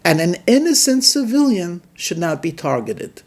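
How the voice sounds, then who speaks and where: A man giving a sermon as a rabbi, telling a story and drawing its lesson in a measured, deliberate way. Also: sits high, sing-song. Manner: measured, deliberate delivery with emphatic pauses.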